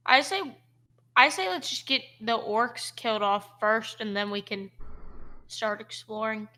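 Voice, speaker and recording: A woman playing in a tabletop game, talking casually with her party and sometimes trailing off mid-thought. Her voice is bright and fairly high. She laughs easily. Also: animated, measured pace. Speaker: player.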